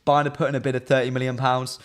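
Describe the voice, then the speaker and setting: A man's voice: medium pitch, little pitch movement, racing. Chatty, opinionated male football streamer. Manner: chatty, opinionated, frequent fillers. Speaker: football fan channel presenter. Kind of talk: live-stream football chat, reading viewer comments.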